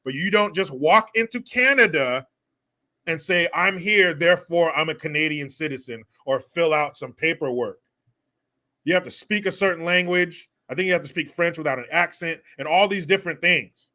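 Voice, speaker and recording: A man's voice: fairly high pitch, expressive, normal speed, bright, forceful tone. A man hosting a casual commentary vlog, sarcastic and mocking, swearing freely and laughing often. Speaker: host.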